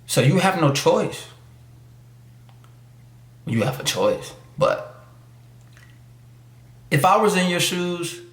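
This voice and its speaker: In a high, somewhat bright voice, a male YouTube commentator gives an emphatic, casual take full of street slang, mock voices, and mocking asides. The recording sounds roomy.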